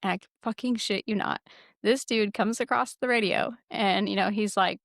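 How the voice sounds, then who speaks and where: A woman podcast host telling a casual story with lots of swearing, lively and laughing as she goes. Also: mid-range voice, normal speed, vocal fry, dry recording, clean studio sound. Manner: profane, lively, laughs while telling stories. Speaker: former military security forces sergeant.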